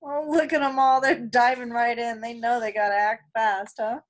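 A woman from an elementary school reading a picture book aloud to children, with playful, expressive asides and chatty comments. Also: fairly high pitch, normal speed, hardly any pauses. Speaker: elementary school staff member.

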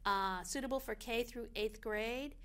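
A woman co-hosting a local events show, reading listings in a brisk, chatty way with friendly asides. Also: on the high side, a bit bright, clean tone. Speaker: chamber of commerce co-host reading event listings. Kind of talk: casual local events chat.

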